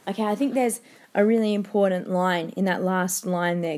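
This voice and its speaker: A woman's voice: mid-range voice, steady tone, moderate pace, a little mellow. A woman teacher reading a novel aloud to her class and discussing it, with frequent ums and restarts.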